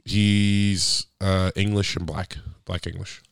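A man's voice: low-pitched, flat delivery, takes it slowly, creaky, clear, resonant tone, no echo, studio quality. A young man joking and rambling in casual chat as a podcast co-host.

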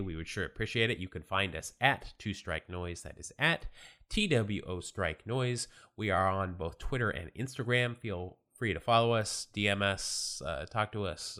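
A man hosting a casual podcast on his own, talking in a relaxed, chatty way with many fillers and restarts, his voice worn from being sick. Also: sits low. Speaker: podcast co-host. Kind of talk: casual solo podcast talk about baseball cards.

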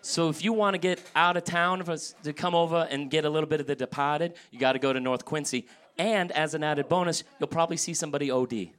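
Male comedy contestant, brash profane riffing, bright tone, slightly high pitch. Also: steady tone, fast talker, a little hiss or hum. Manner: brash, profane, building riffs.

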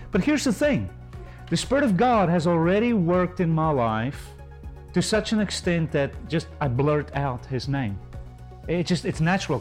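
Man, preacher, sermon, fairly high voice, impassioned, loud-to-hushed swings. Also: lively intonation, moderate pace, soft background music, poor audio. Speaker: pastor and Bible school teacher.

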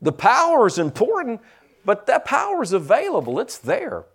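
A middle-aged man preaching a sermon, lively with teasing humor and asides. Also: extremely high pitch, normal speed, vocal fry, husky. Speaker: pastor.

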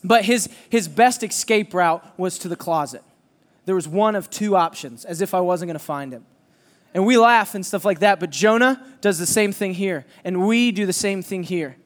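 A man preaching a sermon, telling a lively personal story and teasing his listeners. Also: high voice, normal speed, long reverb tail. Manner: animated, joking storyteller who teases the audience.

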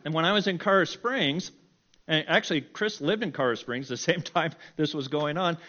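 A middle-aged man telling a personal story in a sermon, animated and self-mocking, often breaking into laughter. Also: on the high side, a little fast, muffled recording. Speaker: preacher.

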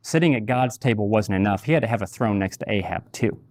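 A man's voice: on the low side, lively intonation, fast talker, a little mellow, no room sound, clean studio sound. A man preaching a sermon, telling a personal story candidly and repeating key phrases for weight. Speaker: pastor.

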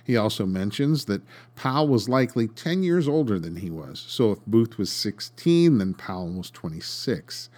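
A man's voice: on the low side, very animated, moderate pace, few pauses, darkish tone. A man hosting a podcast, reading a scripted history narration with dry, sarcastic asides. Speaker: podcast host.

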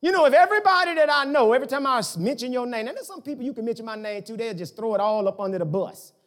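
A male pastor preaching a conversational sermon, with sudden rises and drops in loudness as he makes his points. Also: rapid-fire. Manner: conversational preaching with lively swings in pitch and volume.

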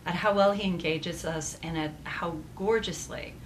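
A woman's voice: lowish voice, moderate pace, a little hiss or hum, low-quality recording. A woman with a Midwestern American accent, co-hosting a live panel, speaking with emphatic enthusiasm. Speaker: guest co-host and author. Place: convention room.

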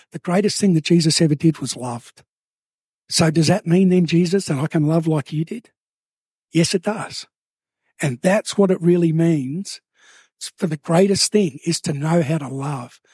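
A man preaching a sermon to a church, earnest and drawing out key phrases slowly for emphasis. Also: sits high, a little mellow, slightly rough, dry recording, studio quality.

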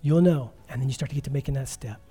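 A man's voice: mid-range voice, fast, dark tone, slightly rough, soft background music. A middle-aged man preaching a conversational sermon as pastor, telling stories with quoted asides.

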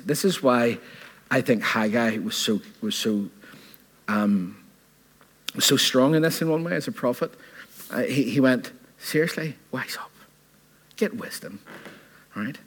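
A man with a husky, slightly breathy voice delivers a sermon. He talks earnestly and conversationally, often turning to the congregation with questions. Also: mid-range voice, moderate pace, long pauses, fairly bright tone. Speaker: preacher.

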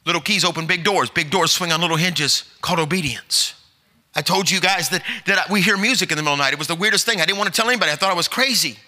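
A man's voice: fairly high pitch, quick pace, bright, forceful tone. A middle-aged man preaching as an evangelist, telling stories and building to emphatic urging. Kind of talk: sermon. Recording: long hall reverb.

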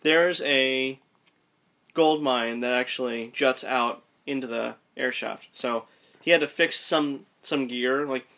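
Gravelly-voiced man telling a story. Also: medium pitch, takes it slowly. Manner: animated storyteller, thinking aloud with restarts. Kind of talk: casual storytelling chat.

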